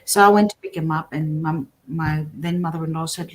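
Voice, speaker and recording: Middle-aged woman guest, animated storyteller, voice on the lower side, keeps correcting herself mid-sentence. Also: fairly quick, a little hiss or hum. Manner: animated, lots of restarts and self-corrections. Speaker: guest psychic. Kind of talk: storytelling in a casual interview. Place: remote guest, at home.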